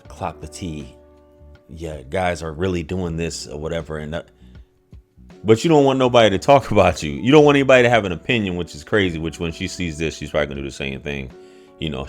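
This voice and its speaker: A man with a very low, deep voice hosts a reaction commentary, talking bluntly and with mockery. He breaks into loud, animated bursts now and then. Faint music plays under his voice. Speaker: commentary channel host.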